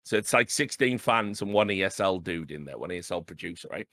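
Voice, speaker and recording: Man, 30s, podcast host, animated storytelling, swears, bright, dry. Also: low-pitched, brisk, no room sound. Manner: animated, swears freely, frequent "right?". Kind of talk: casual storytelling chat.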